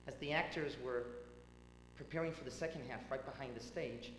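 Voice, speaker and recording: A man, a rabbi, giving a tribute speech at a banquet, telling stories with dramatic swings between loud and hushed delivery. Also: mid-range voice, brisk. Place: large banquet hall. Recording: echoey hall with faint hum.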